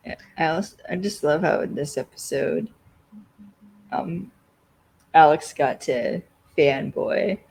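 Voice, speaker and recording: An easygoing podcast co-host talks in relaxed, casual chat. They often chime in with agreement, and their voice sits at an ordinary middle pitch. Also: takes it slowly, creaky, pauses often, breathy edge.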